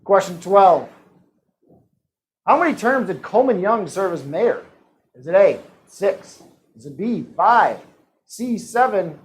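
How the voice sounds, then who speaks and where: A man's voice: high voice, lively intonation, takes it slowly, long pauses, low-quality recording. A man hosting a live-streamed trivia game, reading questions and answer options in a playful, teasing way. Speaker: trivia host.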